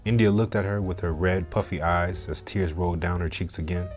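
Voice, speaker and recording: A man narrating a story in a steady, measured, scripted way. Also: low-pitched, faint music behind.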